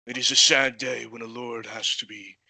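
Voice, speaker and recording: Husky male player, bright, dry close sound, courtly in-character speech. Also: medium pitch, steady tone, moderate pace, no room sound, low-quality recording. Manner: formal, courtly phrasing. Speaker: player voicing a paladin. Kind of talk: in-character tabletop role-play.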